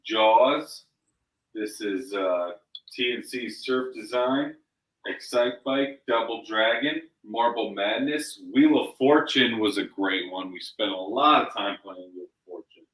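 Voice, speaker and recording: A man co-hosting a live comic shopping stream, pitching books and games with animated asides. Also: slow, rough recording. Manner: animated, acts out story voices. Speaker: co-host selling comics.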